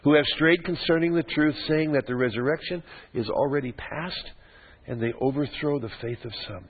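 A man's voice: on the high side, moderate pace, breathy edge. An older man preaching a sermon as pastor, teaching from scripture with joking, conversational asides to the congregation. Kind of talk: expository sermon. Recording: phone-like lo-fi radio broadcast.

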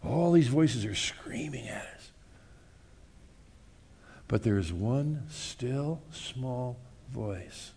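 A man preaching a sermon in a casual, conversational way, often asking the congregation questions, swinging from loud outbursts to hushed asides and acting out voices. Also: medium pitch, animated, drawn-out words, pauses often, husky. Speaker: pastor.

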